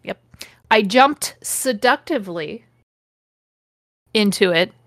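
A woman's voice: medium pitch, animated, slow, fairly bright tone, dry recording, studio quality. Sarcastic woman podcaster reading aloud. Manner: sarcastic, swears freely, mocks the text. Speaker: podcast host. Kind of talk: comedic dramatic reading with commentary.

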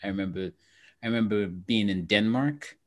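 A man's voice: lowish voice, moderate pace. A man from Trinidad, a comedian and actor, telling stories in casual chat and laughing often. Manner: animated storyteller, laughs often.

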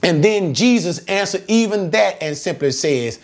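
A man's voice: fairly high pitch, expressive, brisk, few pauses. A man preaching a sermon, teaching emphatically, repeating key phrases and asking his listeners rhetorical questions.

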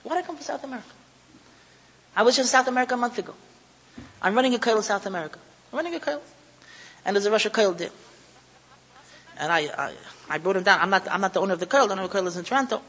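A man delivers an emotional Torah talk, circling back over his phrases and sounding close to tears. His voice is high and husky. A long reverb trails behind him, as in a hall. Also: very fast, long pauses, fairly bright tone. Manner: heartfelt, repetitive, moved close to tears. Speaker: lecturer running a kollel.

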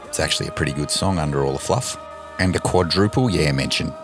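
A man's voice: a bass voice, quick pace. A man hosting a music podcast in casual, blunt commentary, swearing freely. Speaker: podcast host.

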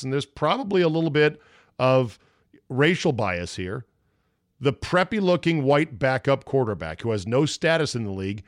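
A man's voice: medium pitch, no echo, studio quality. Blunt, profane man hosting a podcast. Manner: blunt, profane, sarcastic, mocking voices in quotes. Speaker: podcast host. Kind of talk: opinionated sports talk monologue.

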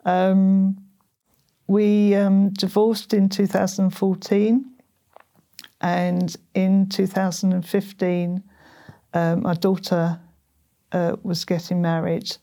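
A middle-aged woman tells her personal faith story to an interviewer. She speaks slowly and haltingly, with repeated words and ums. Her voice is low, dark and gravelly. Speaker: guest sharing a testimony.

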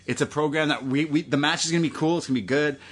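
A man's voice: a little high, fairly even intonation, rapid-fire, a bit bright, breathy edge. A man co-hosting a podcast, recapping wrestling in a rambling, joking way. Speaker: podcast co-host. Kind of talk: casual chat recapping wrestling.

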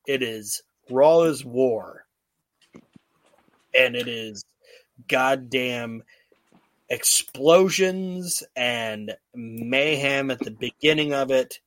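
A man's voice: medium pitch, drawn-out words, pauses often, fairly bright tone, no room sound. A male podcast host recapping old wrestling shows in casual, profanity-laced storytelling.

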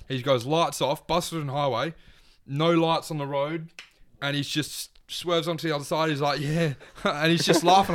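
A man's voice: a little high, steady tone, measured pace, a bit bright. A young man telling a wild story among friends, swearing constantly and laughing as he goes. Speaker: podcast guest. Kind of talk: casual storytelling.

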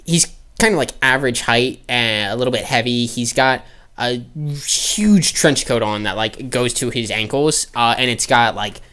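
Brief: male game master, casual, halting delivery. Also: medium pitch, sharp tone. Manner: hesitant, many fillers and restarts. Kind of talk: narrating a tabletop game.

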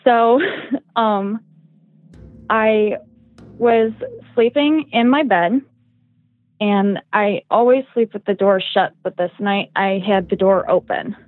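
A woman's voice: medium pitch, slow, pauses often, dry recording. Tinny-sounding young woman rambling casually. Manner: rambling, heavy use of "like" and "um". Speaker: guest storyteller. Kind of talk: casual podcast chat. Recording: tinny phone-like dry sound.

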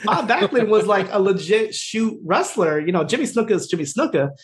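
Brief: quick, fairly high-voiced male podcast co-host, animated casual recap. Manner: quick, animated retelling with fillers and laughs. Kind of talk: casual chat.

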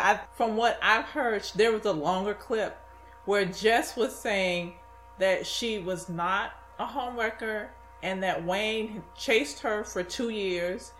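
A woman hosting a chat show, recapping the story at an unhurried pace and hedging her details. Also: mid-range voice, fairly bright tone. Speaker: show host. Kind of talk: casual chat. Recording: echoey room.

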